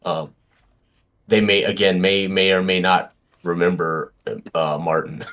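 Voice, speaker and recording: A man playing in a tabletop game, describing his character's actions with many pauses. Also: low voice, fairly even intonation, a bit bright. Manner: hesitant, many uh fillers. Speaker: player. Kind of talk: tabletop role-play.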